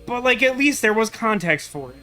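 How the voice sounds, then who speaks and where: A man's voice: high voice, expressive, a little fast, bright, forceful tone. A man commenting on a video game in a wry, rambling way with lots of fillers. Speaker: gaming streamer. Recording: game music playing faintly behind.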